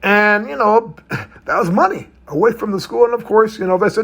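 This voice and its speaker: A man's voice: high-pitched, animated, moderate pace, vocal fry, fairly bright tone, slightly rough. A middle-aged man, a mental health coach, telling a personal story in a loose conversational way with frequent tag questions. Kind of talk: storytelling talk.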